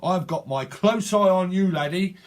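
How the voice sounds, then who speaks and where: A man's voice: sits high, moderate pace, voice pushed up, close to an everyday voice. A watchful plain-clothes detective narrows in on you, teasing and faintly menacing, as a man puts him on. The lines come in short snatches. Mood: suspicious.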